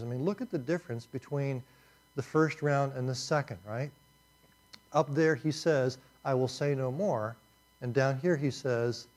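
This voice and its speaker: A man teaches a passage from Job like a pastor. His voice sits at an ordinary middle pitch. He talks casually and restarts sentences often, turning to his listeners with questions. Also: a little fast, darkish tone. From Indianapolis, US. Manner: conversational, asks the audience questions, frequent restarts. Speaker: pastor teaching a Bible study. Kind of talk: sermon with storytelling.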